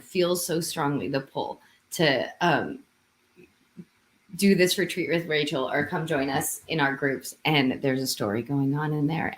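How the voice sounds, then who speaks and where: A woman coach on a live stream, talking gently and hesitantly as she guides listeners through a short reflection. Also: deep voice. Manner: gentle, hesitant, yawning at times. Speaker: intuitive coach.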